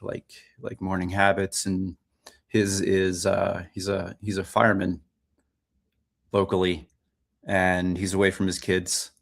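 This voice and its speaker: A man co-hosting a podcast, telling a story in relaxed casual chat with frequent ums. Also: sits low, measured pace, creaky. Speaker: podcast co-host.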